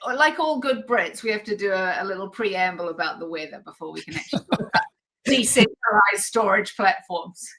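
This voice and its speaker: A woman's voice: mid-range voice, expressive, fairly quick, sharp tone, low-quality recording. Articulate woman with New Zealand-British accent. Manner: articulate, wry, explanatory. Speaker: guest, foundation executive. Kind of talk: interview answers. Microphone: remote call.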